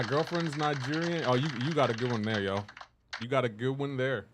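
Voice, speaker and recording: A man's voice: medium pitch, fairly quick, noisy background. A man streaming live, chatting casually, greeting viewers by name, laughing often. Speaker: streamer reading chat.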